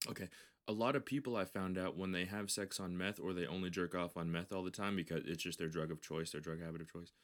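A man's voice: sits low, steady tone, quick pace, a bit bright. A man co-hosting a podcast in casual, crude chat, rambling with many restarts and often laughing. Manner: rambling, laughs often, acts out quoted voices. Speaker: podcast co-host.

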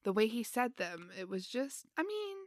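A woman co-hosting a casual movie review podcast, candid and animated, laughing along. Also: fairly high pitch, normal speed, dry recording. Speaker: podcast co-host.

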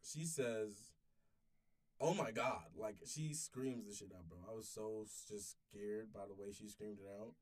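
A man's voice: fairly low pitch, normal speed, few pauses, warm tone, far from the mic. A man in his twenties telling a long story in casual chat, rambling and swearing, with many restarts. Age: 20s. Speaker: podcast storyteller. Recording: voice sits back from the mic.

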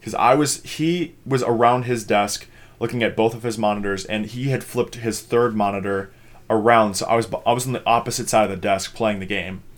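A young man with a fairly low voice tells a long story on a podcast, in loose, rambling casual chat full of fillers. He swears freely and keeps circling back on his own words. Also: steady tone, normal speed. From Minnesota. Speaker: podcast co-host.

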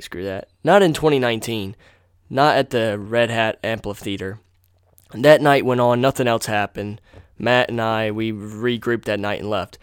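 A young man hosting a casual storytelling podcast at home, talking in an excitable, rambling way and swearing freely into a microphone on a box. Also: on the low side, clean tone, no echo, studio quality. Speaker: podcast host. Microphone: desk microphone on a box.

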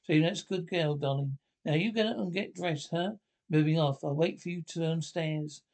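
A man's voice: a little high, normal speed, darkish tone, natural voice. A man reading the part of a fond, anxious father and husband from a radio script, in his own plain voice. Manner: reads cues and parts in one plain voice.

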